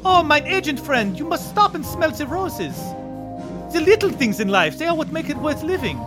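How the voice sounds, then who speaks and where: A man's voice: extremely high pitch, very animated, moderate pace, over music, voice pushed up. A man voicing a giddy, vain young man who longs to be a star, squealing and theatrical. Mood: gushing. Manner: squealing, breathless, over-the-top theatrical.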